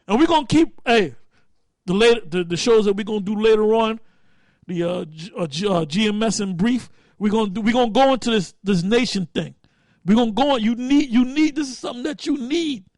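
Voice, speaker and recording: A teacher leading a group study preaches fairly quickly in a high, lively voice, using blunt street talk full of profanity. He keeps pausing to hunt for words before restarting his thought. The audio is close and dry, without room sound.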